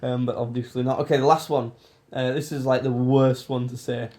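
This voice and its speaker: Young man, from England, podcast host, casual chat, teasing, laughs often, mid pitch. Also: little pitch movement, a little fast, mellow.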